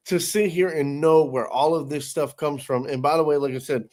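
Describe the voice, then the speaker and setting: A man co-hosting a casual podcast, his voice sitting a little high. He swears freely and rambles, circling back with frequent restarts. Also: fairly even intonation, moderate pace, darkish tone. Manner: profane, rambling with many restarts. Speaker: podcast co-host. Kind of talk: casual chat.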